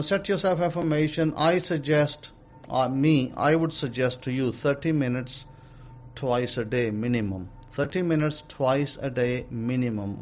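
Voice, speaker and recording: A man's voice: fairly high pitch, darkish tone, lo-fi sound. A man teaching a casual self-help lesson. He rambles, repeats himself and uses many fillers.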